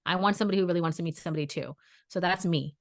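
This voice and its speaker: A woman, co-hosting a podcast and telling dating stories in a lively, chatty way, acting out quotes. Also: lowish voice, very fast. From New York area. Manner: animated storyteller, acts out quotes. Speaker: podcast co-host. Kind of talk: casual chat.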